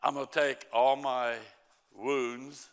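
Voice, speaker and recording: A middle-aged man, a pastor, preaching a sermon and reading scripture in a slow, emphatic way that often drops to a softer level. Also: mid-range voice, flat delivery, clean tone.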